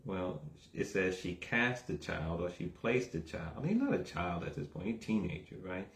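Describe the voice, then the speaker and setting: A man preaching a conversational sermon that starts low and calm and builds into emphatic, raised exhortation. He repeats himself and keeps checking with the listeners. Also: normal speed, echoey room. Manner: repeats words, asks the audience "right?".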